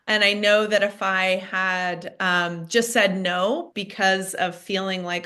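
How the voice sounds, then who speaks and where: A woman's voice: medium pitch, steady tone, moderate pace, bright, forceful tone. A woman guest in an interview who speaks thoughtfully and earnestly, naming feelings one by one. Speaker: guest author. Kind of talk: reflective conversational interview.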